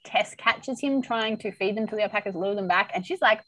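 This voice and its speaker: A woman's voice: mid-range voice, brisk, rough recording. A woman hosting a podcast, recapping a TV episode in casual chat and acting out the characters' lines. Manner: chatty, animated retelling with voiced quotes. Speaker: podcast host.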